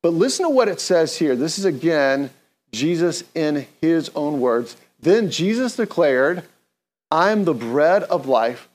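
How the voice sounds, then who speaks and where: A man's voice: on the high side, very animated, measured pace, darkish tone. A man preaching an earnest, conversational sermon, leading the congregation in call-and-response. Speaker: pastor.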